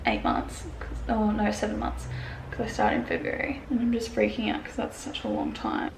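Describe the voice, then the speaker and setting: A woman's voice: mid-range voice, big pitch swings, moderate pace, vocal fry. A woman in her twenties in a casual vlog from her bedroom, stressed and tearful, rambling anxiously with lots of fillers and swearing. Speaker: sewing pattern designer. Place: bedroom at home. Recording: echoey room with faint background noise.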